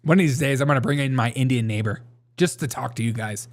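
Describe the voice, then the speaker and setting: A man's voice: medium pitch, quick pace. A man hosting a live show, chatting casually and rambling through jokes and chat replies, laughing often. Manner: reads chat and answers it.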